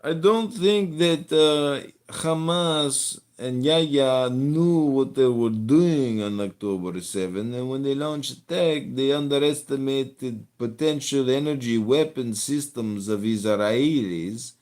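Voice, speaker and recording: A man's voice: medium pitch, takes it slowly, few pauses. A man hosting a livestream chat, brash and profane, talking over callers. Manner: brash and profane, shifts between mumbling and shouting. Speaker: livestream host.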